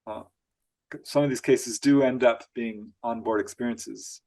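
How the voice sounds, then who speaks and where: Guy telling weird stories, laughs a lot, acts out the quotes, middle pitch. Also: a little slow, gravelly. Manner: animated storyteller, laughs often, acts out quotes. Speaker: author guest. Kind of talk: storytelling interview.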